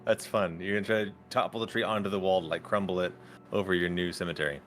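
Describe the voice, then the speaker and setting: A man running a tabletop game as game master, pausing with ums while he checks rules. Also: low-pitched, fairly even intonation, a bit bright, faint music behind.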